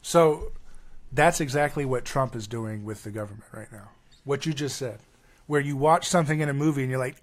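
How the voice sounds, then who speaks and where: A man, a guest on a podcast, talking in an animated, self-mocking casual chat. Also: medium pitch, normal speed.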